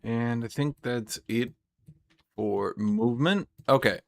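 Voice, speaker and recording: A man's voice: medium pitch, takes it slowly, creaky. A man playing a tabletop wargame, thinking aloud, counting dice and swearing at his own mistakes. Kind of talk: casual play commentary.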